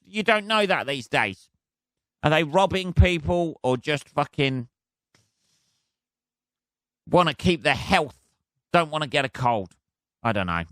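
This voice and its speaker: A man's voice: on the high side, a bit bright, dry recording. A man hosting a solo podcast, ranting in a profane, rambling, sardonic way. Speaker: podcast host. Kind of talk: solo comedic rant.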